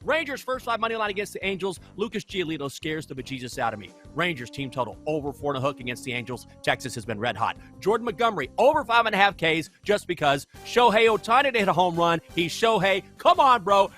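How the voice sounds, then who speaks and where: Male betting host, rapid-fire auctioneer delivery, high lively voice, bright tone, faint music behind. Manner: fast auctioneer-style rattling of bets.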